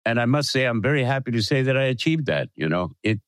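An older man, a playwright and interview guest, talking in a measured, reflective way with pauses and restarts. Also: mid-range voice, expressive, no echo.

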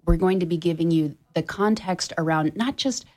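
A woman's voice: on the low side, normal speed, darkish tone. Upbeat female radio host making an appeal. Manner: upbeat and persuasive, repeats phrases for emphasis. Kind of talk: on-air fundraising appeal.

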